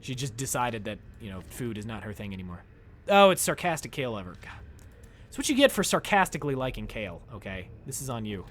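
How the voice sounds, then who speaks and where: Male game streamer, loud and jokey, bright voice, swooping pitch, chatting with viewers. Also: sing-song, quick pace, a little hiss or hum. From United States. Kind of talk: casual live-stream commentary. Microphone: desk microphone.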